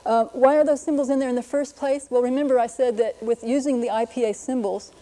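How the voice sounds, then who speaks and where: A woman's voice: fairly high pitch, steady tone, a little fast, dark tone, low-quality recording. A middle-aged woman, a linguist, giving an educational lecture, patiently explaining and carefully demonstrating pronunciations. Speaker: linguist presenter.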